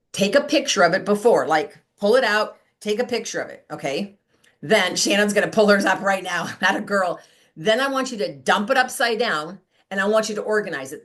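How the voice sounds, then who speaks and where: A middle-aged woman leading a motivational team call for sales consultants, chatty and animated, acting out quoted voices. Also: medium pitch.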